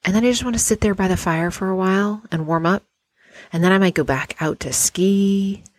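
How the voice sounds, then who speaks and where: A woman hosting a guided visualization, talking in an unhurried, dreamy way and inviting the listener to picture a perfect day. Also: mid-range voice, dry recording. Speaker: host guiding a visualization exercise.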